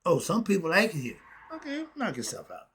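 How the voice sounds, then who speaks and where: A husky man with a slightly high voice delivers an impassioned solo talk. He is emphatic, rambling and blunt, and he curses often. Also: huge pitch swings, brisk, fairly bright tone. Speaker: self-styled philosophy teacher.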